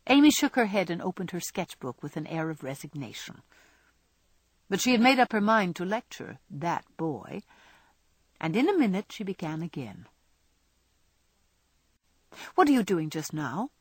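A woman narrating a classic novel as an audiobook, measured and expressive. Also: deep voice, breathy edge, no echo.

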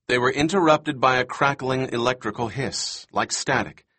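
A male audiobook narrator with a husky, mid-pitched voice. He reads the scripted prose steadily and evenly. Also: moderate pace, few pauses. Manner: steady, even storytelling.

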